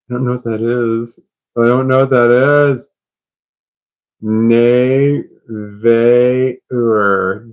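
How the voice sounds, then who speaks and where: A man's voice: medium pitch, muffled recording. A man chatting on a live stream, puzzled and rambling, laughing at himself.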